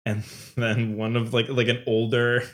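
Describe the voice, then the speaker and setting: A young man chatting casually among friends. He rambles with constant "like"s and restarts, laughs often, and jumps into higher voices to act out what people said. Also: monotone, measured pace, a bit bright. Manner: rambling, filler-heavy, laughs often, acts out quotes. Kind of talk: casual chat.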